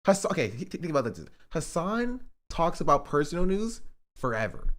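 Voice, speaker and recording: A young male streamer talks casually to his chat, pleading and joking, and he repeats himself often. His pitch swings widely and stays lively. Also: moderate pace. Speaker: livestreamer.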